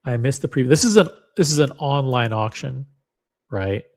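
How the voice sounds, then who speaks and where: A man's voice: mid-range voice, lively intonation, moderate pace, darkish tone. A man hosting a casual livestream, rambling and joking at his own expense as he chats to viewers. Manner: rambling, joking, self-deprecating. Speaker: livestream host.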